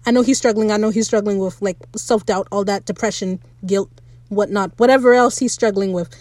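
Brisk and mid-range, a woman hosting a podcast tears through a TV episode recap in a casual, worked-up rant. She swears liberally and speaks right to her listeners, with no echo on the audio.

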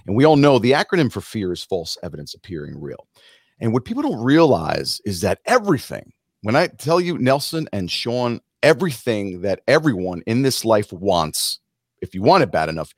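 A middle-aged man talks with animated swings in pitch, preaching about facing fear and acting out little quotes in other voices. His voice is recorded close and dry, with no room sound. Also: normal speed, no room sound. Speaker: podcast guest, musician. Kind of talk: motivational interview talk.

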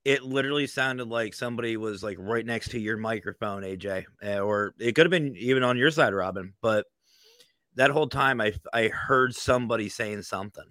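A man co-hosting a casual podcast, speaking haltingly and carefully, often repeating his words. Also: mid-range voice, a bit bright, dry recording. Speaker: podcast co-host. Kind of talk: casual chat. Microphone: headphones and home mic.

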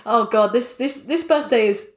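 Excitable woman comedy co-host, higher voice, roomy echoey recording. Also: normal speed. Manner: giggly, excitable, exclaims a lot. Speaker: podcast co-host. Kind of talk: improvised comedy chat.

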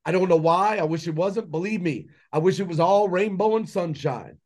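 Man, high-pitched, podcast guest, preachy, rhetorical questions, impassioned monologue. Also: expressive, moderate pace, darkish tone. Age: adult with children. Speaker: podcast guest, entrepreneur and mentor.

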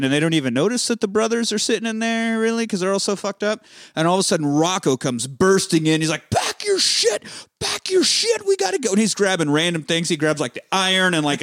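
A man's voice: a little high, no echo, studio quality. A man casually recapping a film as a podcast host, swearing freely and acting out the characters' lines. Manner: profane, acts out characters' lines.

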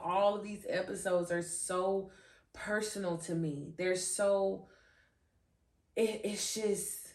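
A woman's voice: medium pitch, distant mic. Giggly woman in a roomy echo. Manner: animated, giggly, trips over words; restarts and repeats phrases. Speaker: podcast host. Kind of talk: faith podcast talk.

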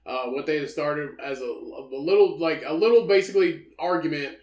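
A man's voice: fairly high pitch, moderate pace, darkish tone, echoey room. A man co-hosting a podcast, casually recounting a news story in a laid-back way with lots of fillers. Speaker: podcast co-host.

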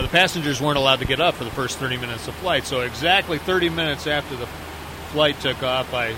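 A man, an airline pilot, telling a work story in a halting, casual way with many pauses. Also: mid-range voice, background noise. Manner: halting, many fillers and restarts.

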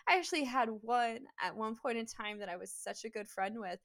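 A woman's voice: fairly high pitch, animated, a little fast, fairly bright tone. A woman hosts a podcast in a casual, chatty way. She jumps in with her own stories and laughs easily as she talks. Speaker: podcast host. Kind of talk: casual interview chat.

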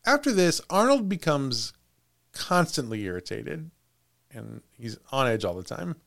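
A man's voice: mid-range voice, very animated, measured pace, vocal fry, fairly bright tone. A man hosting a podcast, telling a haunted-house story in casual chat. He laughs often and trails off into restarts.

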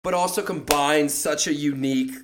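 A man's voice: normal speed, slight background noise. Giggly man co-hosting a podcast. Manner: laughing, joking, trailing off into a low voice. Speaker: podcast co-host. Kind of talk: casual crude banter.

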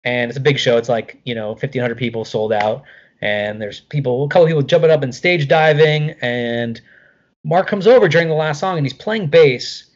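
A middle-aged man telling a casual anecdote as a guest, animated, swearing freely and filling with "like". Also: medium pitch, normal speed, muffled recording.

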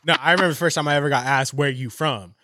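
A man's voice: fairly high pitch, rapid-fire, bright, forceful tone, dry recording, studio quality. A man in his twenties from San Diego in casual chat, sarcastic and profane, acting out his own reactions. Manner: sarcastic, swears a lot, acts out reactions.

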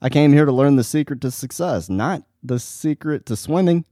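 A man's voice: a little high, expressive, moderate pace, mellow, no echo, clean studio sound, voice pushed up, lightly acted. Man putting on a pushy, impatient young go-getter. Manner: demanding, irritated, pushy.

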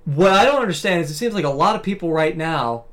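Man, high voice, podcast co-host, casual chat, thoughtful. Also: lively intonation, fast talker.

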